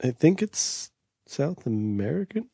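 A man's voice: mid-range voice, very animated, unhurried, vocal fry, mellow, breathy edge, dry recording, clean studio sound. A man co-hosting a podcast in a casual, easygoing way, laughing often. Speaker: podcast co-host. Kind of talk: casual chat.

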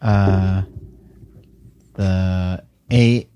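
A man hosting a podcast in casual chat, relaxed and chatty, often laughing. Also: deep voice, drawn-out words, clean tone. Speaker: podcast host.

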